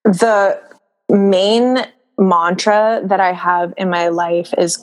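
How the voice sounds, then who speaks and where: Slow, dreamy low-voiced woman. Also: fairly even intonation. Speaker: podcast guest. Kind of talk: candid casual conversation.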